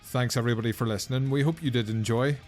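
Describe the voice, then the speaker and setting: A man's voice: medium pitch, steady tone, fast, darkish tone, faint music behind. A man hosting a podcast in casual, jokey chat, swearing freely and laughing often. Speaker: podcast host.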